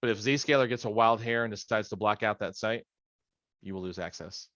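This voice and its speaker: A man's voice: on the low side, a little fast, fairly bright tone, no room sound, dull audio. A middle-aged man leading a study session on a video call from his home office, in a casual, rambling way with joking asides. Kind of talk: casual training talk.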